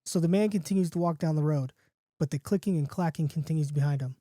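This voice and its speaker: A man's voice: fairly high pitch, quick pace, mellow, dry recording, clean studio sound. A podcast host reading his own spooky story in a casual, playful way, with a few restarts.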